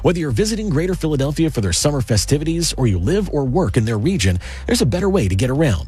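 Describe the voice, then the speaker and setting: A man reading a brisk radio traffic report, rattling off road updates. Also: on the high side, sing-song, warm tone, husky.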